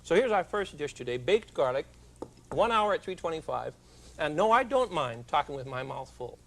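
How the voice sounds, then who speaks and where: A man's voice: on the high side, very animated, normal speed, creaky. A middle-aged man hosting a television cooking show, chatty and jovial with joking asides as he demonstrates in a studio kitchen.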